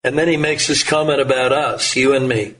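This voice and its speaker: A middle-aged man preaching a sermon, slow and emphatic, his voice rising when he quotes scripture. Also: mid-range voice, fairly even intonation, a bit bright, far from the mic, a little hiss or hum, poor audio.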